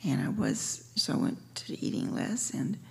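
Slow, gravelly woman telling a wry story. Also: rumbling low, sing-song. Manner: wry, joking storyteller, slips into whisper-soft passages. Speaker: meeting member sharing. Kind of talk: personal share at a recovery meeting. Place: meeting room.

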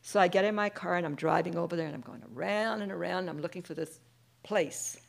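At a recovery meeting, a middle-aged woman shares her personal testimony as an animated storyteller, acting out the voices of people in her story. Her voice sits on the low side, moves at a quick pace and has vocal fry.

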